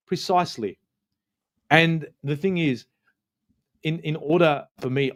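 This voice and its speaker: Aussie bloke ranting about footy on a stream, swears a lot, kinda high voice. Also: male voice, expressive, a little slow, long pauses. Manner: passionate, sweary, emphatic repetition. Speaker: co-host of a football fan stream. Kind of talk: heated fan rant on a live stream.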